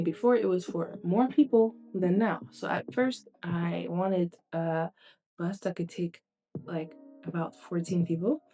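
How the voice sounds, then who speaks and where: A young woman vlogging to camera in a casual, tired, rambling way, with a low, quiet voice.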